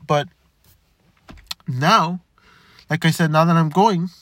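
A young man talking candidly in a halting way, with many stammered restarts. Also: a little high, a bit bright, no echo. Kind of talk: personal reflective monologue.

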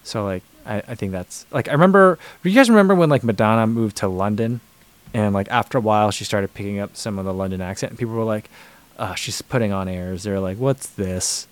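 A man's voice: fairly low pitch, animated, fast, clear, resonant tone, no room sound. A man hosting a livestream, reading viewer comments and chatting casually with many fillers and restarts. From United States. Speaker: livestream host reading chat. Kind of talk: casual chat.

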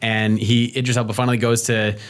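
A man's voice: medium pitch, little pitch movement, a little fast, clean tone. Rambling man chatting about a movie. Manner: rambling, frequent fillers and restarts. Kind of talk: casual movie review chat.

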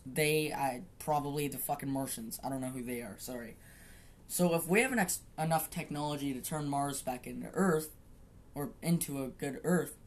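A woman hosting a solo podcast, rambling casually and swearing, with frequent laughter. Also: low-pitched. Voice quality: profane, rambling, laughs often. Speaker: podcast host.

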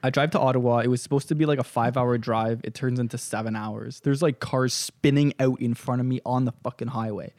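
A man's voice: mid-range voice, steady tone, a little fast, hardly any pauses, darkish tone. A young man from Canada hosting a podcast, telling a long story in casual chat, swearing freely, laughing often and acting out what people said. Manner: swears a lot, laughs often, acts out quotes. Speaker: podcast host.

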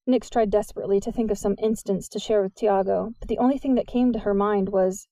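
A woman narrating a young-adult novel in a steady, lightly expressive way, close to the mic. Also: medium pitch, a little fast, vocal fry, few pauses, no echo. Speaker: audiobook narrator. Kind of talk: scripted narration.

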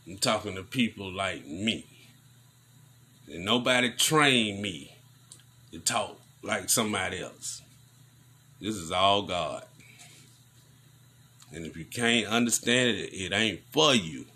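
A man giving casual news commentary on a vlog, preaching in animated rants full of slang. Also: sits low, slow pace, long pauses, slight background noise.

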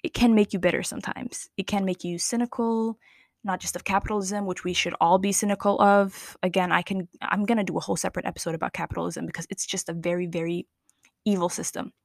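A woman in her twenties hosting a podcast, talking candidly and casually to listeners in slangy, drawn-out chat. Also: fairly low pitch, level tone, creaky, dry recording, clean studio sound. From Somali family. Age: 20s. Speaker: podcast host. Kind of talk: casual personal monologue.

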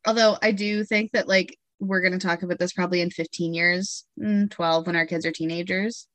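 Woman, 30s, casual co-host, animated storyteller who acts out her kids; dry close mic. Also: lowish voice, fairly quick, no echo. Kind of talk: casual chat.

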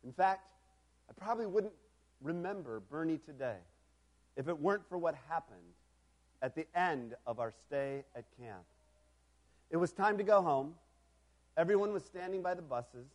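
High-voiced man preaching a story sermon. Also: lively intonation, normal speed. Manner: builds from quiet reflection to loud emphatic preaching.

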